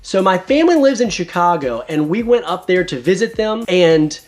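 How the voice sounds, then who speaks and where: A man's voice: high-pitched, moderate pace, faint music behind. A man in his thirties hosting a casual video review, talking enthusiastically. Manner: enthusiastic, animated. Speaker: host.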